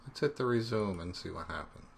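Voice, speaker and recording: A man teaching programming in a relaxed screencast, thinking aloud as he debugs and joking about his own mistakes. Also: on the low side, brisk, creaky, a little hiss or hum. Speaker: programming instructor. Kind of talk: screencast coding tutorial.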